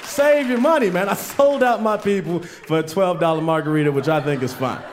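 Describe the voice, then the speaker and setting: A man's voice: high-pitched, a little fast, crowd noise, background noise. A man doing a stand-up comedy set on stage, telling stories and acting out other people's voices. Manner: storytelling, acts out characters in raised voices. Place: comedy stage with live audience.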